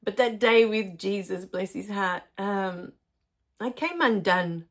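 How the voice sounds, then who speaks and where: A middle-aged woman, telling spiritual stories in a soft, emotional way with many pauses and fillers. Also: medium pitch. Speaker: spiritual teacher. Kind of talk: personal spiritual storytelling.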